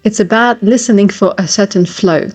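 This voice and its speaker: A woman's voice: mid-range voice, normal speed, soft background music. French woman giving an encouraging language lesson. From France. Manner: chatty and encouraging, repeats key points. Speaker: French teacher. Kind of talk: casual video lesson.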